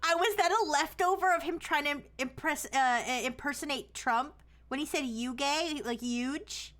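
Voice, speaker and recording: A woman hosting a casual live stream, blunt and playful in her chat and quick to swear. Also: sits high, fairly bright tone. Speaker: streamer host.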